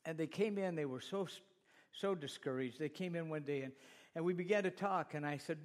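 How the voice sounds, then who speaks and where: A man's voice: a little high, brisk, darkish tone. A middle-aged male pastor preaching a sermon, talking straight to the congregation with rhetorical questions and retold stories.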